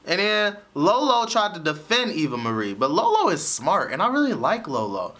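Vlogger, male, animated rise and fall, laughing recap host. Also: high voice, moderate pace. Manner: chatty, laughs often while telling. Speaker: show reviewer. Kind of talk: casual TV episode recap.

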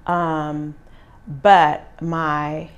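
A middle-aged woman from Oakland, an interview guest, telling stories in a lively, animated way, acting out quoted dialogue and laughing often. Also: low voice, very slow. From Oakland, California. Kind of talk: casual storytelling interview.

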